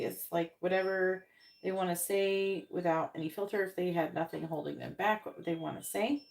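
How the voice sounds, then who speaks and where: A woman's voice: on the low side, fairly even intonation, moderate pace, gravelly, a little mellow. Tired, rambling woman tarot reader. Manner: chatty, rambling, with frequent ums and self-corrections. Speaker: tarot reader hosting a live stream. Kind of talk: casual live-stream chat.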